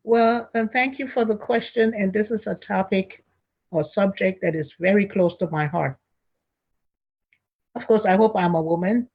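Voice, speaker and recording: A woman speaking as an interview guest in a measured, earnest way. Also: mid-range voice, breathy edge, narrow, tinny audio. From Liberia. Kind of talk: interview conversation.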